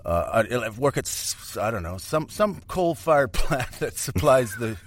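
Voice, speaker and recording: A man's voice: mid-range voice, very animated, a little slow. A man from Canada, chatting casually as a podcast co-host, joking and swearing as he goes. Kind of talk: casual chat.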